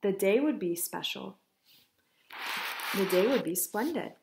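A woman teacher reading a picture book aloud to children, telling it in an expressive, unhurried way. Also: mid-range voice, creaky, a little hiss or hum. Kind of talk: storybook read-aloud. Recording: echoey room.

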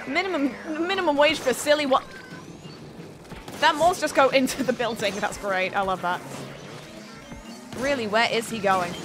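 A woman's voice: high-pitched, moderate pace, pauses often, rough recording. Giggly woman streamer over game music. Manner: playful, giggly, swears often. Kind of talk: casual gameplay commentary.

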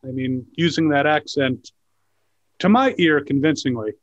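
A man's voice: fairly high pitch, a little slow, dry recording. A man interviewing a guest, asking long, searching questions. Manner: rambling, searching questions with fillers. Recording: dull dry lo-fi sound.

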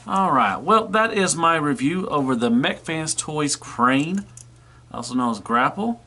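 A man's voice: on the high side, animated, a little slow, sharp tone. A man giving a casual toy review, rambling and filling gaps with "you know".

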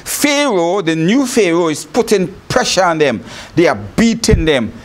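Male bishop, Trinidad and Tobago accent, high-pitched, lively storytelling sermon. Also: measured pace. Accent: Trinidad and Tobago English. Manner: animated storytelling, laughing often. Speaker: bishop, preacher. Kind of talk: sermon broadcast.

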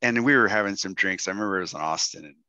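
A man's voice: deep voice, rapid-fire, bright, forceful tone, dry recording, dull audio. A middle-aged man from Texas, telling a story to a workshop audience and acting out the quotes in raised voices. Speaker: guest speaker.

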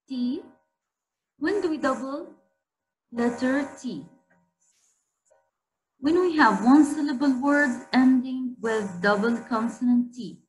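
A woman's voice: on the high side, poor audio. A woman teacher leading an online spelling lesson for girls, repeating each word and quizzing the class.

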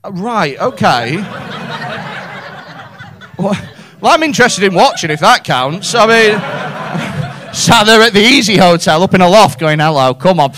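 Stand-up comic, man, high lively voice, sweary and excitable crowd work. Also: unhurried, pauses often, a little hiss or hum. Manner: sweary, excitable, laughing at own jokes. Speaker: stand-up comedian. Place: comedy club stage.

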